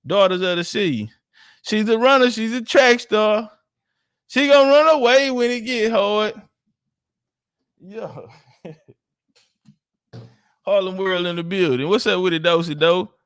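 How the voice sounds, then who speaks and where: A Texan man with a high-pitched, fairly bright, clean voice hosts a livestream, bantering casually with viewers in a joking, boastful, profane way. He speaks unhurriedly with long pauses, and the studio recording is clean with no echo.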